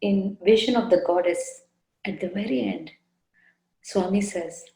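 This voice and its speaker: A woman leads a devotional satsang in a soft, unhurried voice, gently coaxing and repeating her key phrases. Her tone is mellow and warm, in a middle register. The room around her rings with a noticeable echo. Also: medium pitch, gravelly. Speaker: spiritual teacher leading a satsang. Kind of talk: devotional talk with guided meditation. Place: indoor room.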